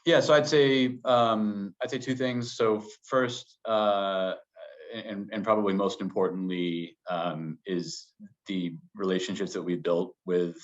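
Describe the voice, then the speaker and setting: Man, very low voice, measured, hedging, interview guest, dull lo-fi sound. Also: fairly even intonation. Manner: measured, hedging with many qualifiers. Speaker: business partner interviewed as guest. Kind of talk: interview answers.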